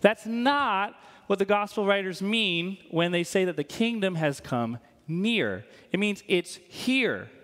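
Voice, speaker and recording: A man's voice: sits high, lively intonation, slow pace, fairly bright tone. A man preaching a sermon as a pastor. He talks in a casual, joking way and often checks in with "right?". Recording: long hall reverb.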